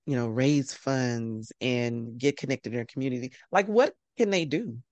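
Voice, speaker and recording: A podcast host asks loose, rambling questions in a mid-range voice and keeps up a steady run of affirmations while the guest talks. The sound is dry and close, with no room echo. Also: mid-range voice, normal speed. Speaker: podcast host interviewing a former student. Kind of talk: casual interview conversation.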